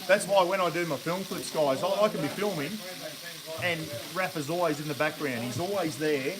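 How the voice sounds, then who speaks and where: Matey Australian host, raised pitch, talking over a chatting crowd. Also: male voice, normal speed. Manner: chatty, matey, laughing easily. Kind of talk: casual live-stream chat. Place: outdoor camp barbecue. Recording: crowd noise behind.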